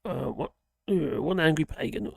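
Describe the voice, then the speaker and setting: Live-stream host, gravelly voice, rambling chat reading comments aloud, dry close sound. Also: medium pitch, expressive, normal speed, darkish tone, no room sound. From Norwich, England. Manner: rambling, chatty, reacts to viewer comments aloud.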